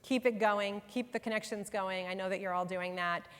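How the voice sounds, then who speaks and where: A woman's voice: medium pitch, fairly even intonation, moderate pace, clean tone. A middle-aged woman from New York gives a conversational, emphatic workshop talk to professionals in a conference room. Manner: conversational and emphatic, speaking directly to the audience. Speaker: workshop presenter and author. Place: conference room before a live audience. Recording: long hall reverb in a large room.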